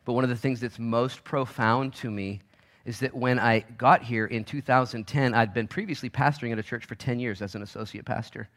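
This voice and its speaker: Pastor guy in his 40s preaching, gets loud then hushed, restarts a lot, mid pitch. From Oregon, United States. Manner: animated, swinging between loud urgency and hushed asides, with quick restarts. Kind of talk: sermon. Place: church.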